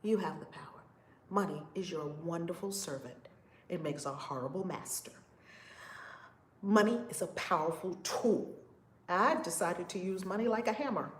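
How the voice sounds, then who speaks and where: A woman spiritual teacher on a livestream, preaching with emphatic repetition and bursts of loud whoops. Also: on the low side, moderate pace, reverberant, slight background noise, poor audio.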